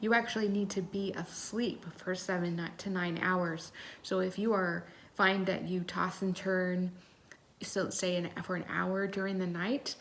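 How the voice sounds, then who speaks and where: A woman's voice: lowish voice, steady tone, moderate pace. Chatty woman podcast co-host. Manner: chatty, many ums and self-corrections. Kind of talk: casual podcast chat.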